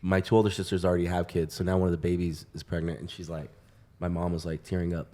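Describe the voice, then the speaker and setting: A man's voice: sits low, fast talker. A young man hosting a podcast, telling jokey stories in a casual chat. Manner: joking storyteller, deadpan punchlines. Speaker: podcast host.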